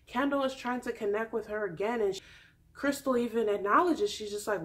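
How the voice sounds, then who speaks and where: A woman's voice: fairly high pitch, brisk. A young woman in her twenties casually recapping a TV episode, chatty and sassy, acting out what others said. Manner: chatty, sassy, animated with mock quotes. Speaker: vlogger recapping a reality show.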